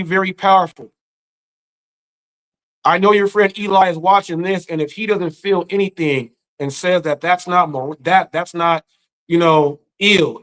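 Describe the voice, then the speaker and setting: A man with a fairly high voice, grieving as he talks on a live stream. His delivery is earnest and halting, full of restarts and repeated words, as in an unscripted emotional talk. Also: fairly bright tone, low-quality recording. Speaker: live-stream commentary host.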